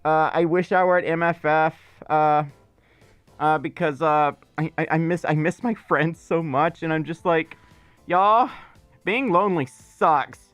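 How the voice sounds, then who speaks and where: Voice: medium pitch, flat delivery, moderate pace, smooth, no room sound, muffled recording, faint music behind. A streamer from Mississippi, rambling in casual livestream chat and still coughing from being ill. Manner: rambling, playful, teasing. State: lingering cough.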